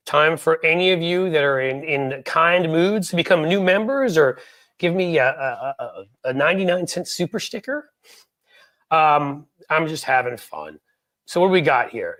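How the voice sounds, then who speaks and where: Joking, rambling host from New York City. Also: male voice, on the high side, fairly bright tone, no echo. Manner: joking, rambling, self-deprecating. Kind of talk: casual live-stream chat.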